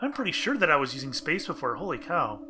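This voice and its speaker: A man's voice: a little high, big pitch swings, fast, bright, forceful tone, a little hiss or hum. A young man casually commenting on a game for viewers, chatty and bemused, reading on-screen text aloud. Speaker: let's play gamer.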